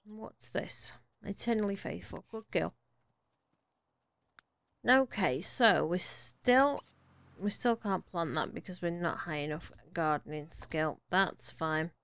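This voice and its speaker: A woman's voice: on the low side, slow pace, a bit bright, smooth. Chatty woman playing a life sim. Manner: chatty, talks fondly to her game characters. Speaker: gaming YouTuber. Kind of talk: casual Let's Play commentary.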